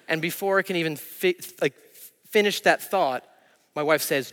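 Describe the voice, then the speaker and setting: A man's voice: on the high side, steady tone, a little slow, bright, forceful tone. A man preaching a sermon as pastor, telling a self-deprecating story from his own life. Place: church. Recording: church hall reverb.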